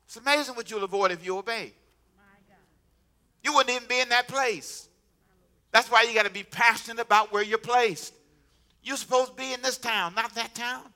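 A man's voice: very high-pitched, normal speed, long pauses. A man preaching a sermon as pastor, joking with the congregation and breaking into laughter. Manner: humorous, animated preaching with laughter.

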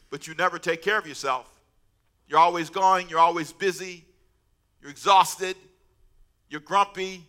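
A middle-aged man preaching a sermon as pastor, animated and humorous, with asides. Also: on the high side.

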